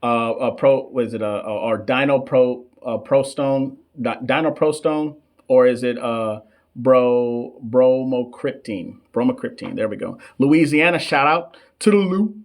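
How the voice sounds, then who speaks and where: A man in his thirties, hosting a live question session for nursing students. He talks in a loose, chatty way, answers the chat between questions, and stumbles over long drug names. His voice sits at an ordinary middle pitch. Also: steady tone, measured pace, darkish tone. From United States. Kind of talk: casual live-stream teaching. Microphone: desk microphone.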